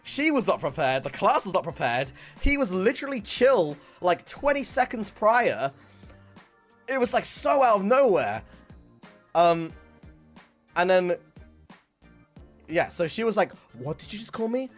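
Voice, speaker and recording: A man's voice: high voice, a little slow, pauses often, faint music behind. Rambling young man telling a story. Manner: rambling, filler-heavy, animated retelling. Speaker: streamer. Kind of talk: casual storytelling chat.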